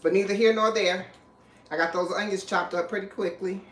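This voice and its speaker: A woman's voice: medium pitch, fairly even intonation, brisk. Chatty woman hosting a live cooking stream. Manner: chatty, rambling, greets viewers and reads their comments. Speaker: cooking livestream host. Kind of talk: casual live cooking chat. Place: home kitchen. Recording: echoey room, faint background noise.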